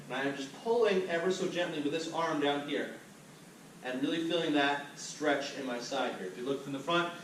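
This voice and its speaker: A man coaches a cool-down routine, explaining each stretch as he shows it. His voice sits a little high. The sound bounces around a bare room with a lot of echo, and the mic is some distance away with faint noise underneath. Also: fairly bright tone. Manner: upbeat, talks the viewer through each step while demonstrating. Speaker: fitness instructor. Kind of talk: instructional workout demonstration.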